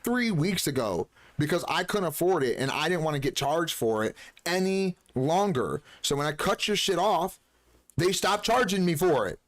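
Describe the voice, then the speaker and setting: Here a male game streamer talks casually, then launches into angry rants full of swearing, sometimes mocking people in a shrill tone. His intonation is lively, and his pace is moderate.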